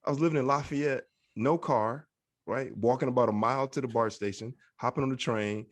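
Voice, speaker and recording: A man's voice: medium pitch, a little fast. A middle-aged man co-hosting a podcast in casual, laid-back chat, often asking "right?". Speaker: podcast co-host.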